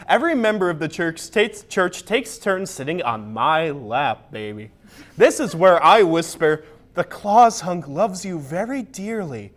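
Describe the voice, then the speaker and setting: A young man delivering a mock-grandiose comic monologue as presenter of a student show. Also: fairly high pitch. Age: young adult.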